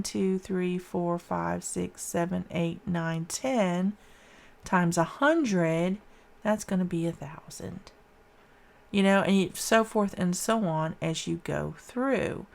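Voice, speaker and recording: A woman's voice: on the low side, gravelly. A woman math teacher talking through a calculation step by step, counting aloud in a casual, informal way. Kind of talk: casual classroom math lesson.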